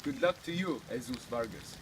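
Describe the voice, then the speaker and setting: A man's voice: mid-range voice, expressive, normal speed, noisy background, natural voice. A young man playing a bumbling, blunt Russian TV field reporter with a put-on Russian accent, in an amateur comedy sketch. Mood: deadpan.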